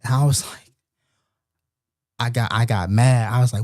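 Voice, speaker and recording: A man tells a story in a loose, animated way, full of slang and restarts. His voice is mellow and warm at a medium pitch. The sound is dry and close, with little room echo. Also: fairly quick, long pauses. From Baltimore. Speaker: host of a Bible reading stream. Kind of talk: casual storytelling chat. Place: apartment in Japan.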